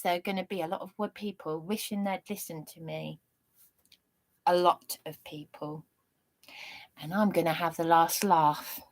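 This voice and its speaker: A woman in her thirties delivers a slow, drawn-out livestream rant, indignant and full of swearing. Her voice sits a little high and carries a sarcastic edge. The sound is dry and close, with no room echo. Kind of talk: angry monologue on a livestream.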